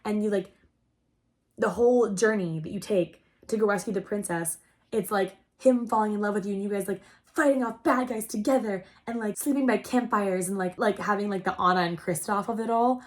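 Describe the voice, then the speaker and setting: A young adult woman hosting a casual storytelling chat, rambling and excitable, saying "like" constantly. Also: mid-range voice, fairly quick. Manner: rambling and excitable, heavy use of "like". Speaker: host.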